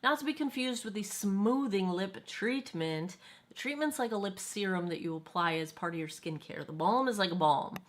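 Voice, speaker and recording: A woman talks through her makeup in a loose, rambling vlog, tossing in quick asides. Her voice sits at an ordinary middle pitch and is recorded close on a phone held at arm's length. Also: animated. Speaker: beauty vlogger. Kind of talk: casual makeup review vlog.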